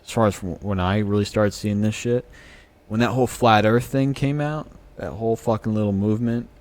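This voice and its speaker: A man's voice: on the low side, darkish tone. A man co-hosting a podcast in casual chat, swearing freely and rambling as he jokes around. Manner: profane, rambling, quick to joke. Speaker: podcast co-host.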